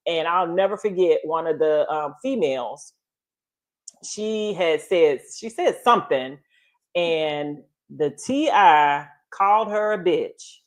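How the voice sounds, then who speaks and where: A middle-aged woman telling stories in a casual chat, animated, often laughing and acting out quotes. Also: low voice, slow pace. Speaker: guest storyteller.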